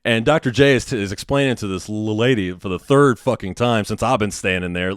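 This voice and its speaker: A man's voice: on the low side, brisk, hardly any pauses, clear, resonant tone, no room sound, studio quality. A man in his thirties hosting a podcast, ranting bluntly and sardonically with lots of swearing. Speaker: podcast host, hospital worker. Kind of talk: ranting monologue.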